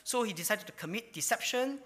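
A man preaching a sermon, swinging between loud emphatic lines and hushed ones. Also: high voice, animated, brisk. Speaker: pastor. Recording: hall reverb.

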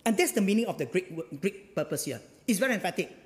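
This Singaporean-accented pastor preaches fast and very animated in a church hall, his high voice rising and falling widely. Chatty throughout, he caps phrases with "ah" and "lah" and fires off rhetorical questions, each line followed by a long reverb trail.

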